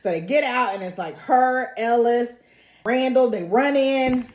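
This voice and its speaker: A woman giving a casual, animated recap and reaction, laughing often and acting out the characters' quotes. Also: fairly high pitch, measured pace. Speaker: TV recap vlogger. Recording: roomy echo.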